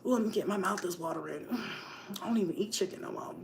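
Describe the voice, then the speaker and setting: A middle-aged woman and mom vlogger in casual live-stream chat, talking in a chatty, animated way and breaking off now and then to call out to her kids at home. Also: medium pitch, fairly quick, vocal fry, a little hiss or hum.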